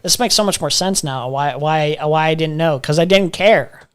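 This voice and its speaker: A man with an American accent hosts a casual reaction stream. His voice sits a little high for a man, and he talks loosely, laughs often, swears freely and circles back on his own phrases. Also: normal speed, clear, resonant tone. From United States. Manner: profane, laughing, repeats himself. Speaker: livestream host.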